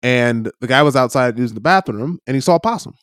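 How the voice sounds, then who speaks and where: Brief: male co-host, storyteller, acts out quotes, mid-pitched, dry close recording. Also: fast talker, no echo. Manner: animated storyteller, acts out quoted voices, many "right?" tags. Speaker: podcast co-host. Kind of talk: casual chat, storytelling. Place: lives in New Zealand.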